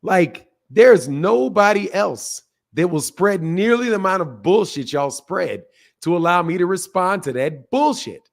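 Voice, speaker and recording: Male live-stream host, slightly higher voice, loose and slangy, jokes with the chat. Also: expressive, measured pace, vocal fry. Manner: loose, joking, slangy, laughs often. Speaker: boxing show host. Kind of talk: casual live-stream talk with callers.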